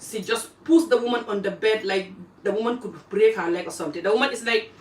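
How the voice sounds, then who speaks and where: An African woman vlogging casually while eating, chatting in an animated way and jumping from topic to topic. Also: medium pitch, fast. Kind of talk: casual live-stream chat while eating. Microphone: phone camera pointed away from her. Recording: roomy phone audio from a distance.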